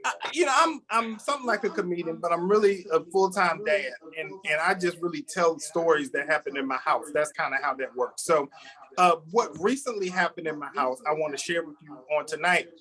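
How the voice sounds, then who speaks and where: A man's voice: on the high side, brisk, bright, forceful tone, rough recording. A middle-aged man performing a rambling stand-up comedy set over a video call, with lots of restarts as he tells stories about his family. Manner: rambling storytelling with frequent restarts.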